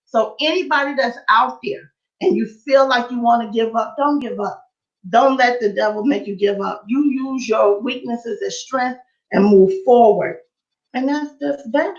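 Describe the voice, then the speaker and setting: A woman's voice: fairly high pitch, measured pace, highs cut off. A woman guest on a live-stream talk show, speaking in an encouraging, preachy way over a video call. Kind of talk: casual live-stream chat.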